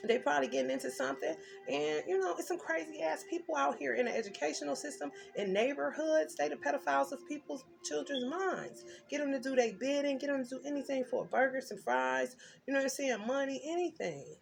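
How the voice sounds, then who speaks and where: Gravelly-voiced woman giving a tarot reading. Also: high-pitched, fairly quick, few pauses, faint music behind. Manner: intense, emphatic storytelling with blunt slang. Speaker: tarot reader.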